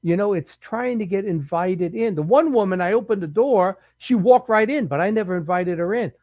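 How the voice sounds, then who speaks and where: A man's voice: sits high, normal speed, no echo, highs cut off. A man who researches the paranormal, a guest in an interview, telling long rambling anecdotes full of restarts. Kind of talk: casual interview storytelling.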